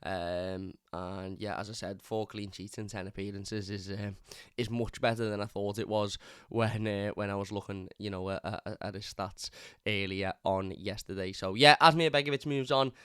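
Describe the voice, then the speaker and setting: A man's voice: lowish voice, fairly even intonation, normal speed, fairly bright tone, smooth, dry recording, studio quality. A man hosting a fan channel, giving casual, opinionated football talk in a conversational way, often repeating words as he thinks.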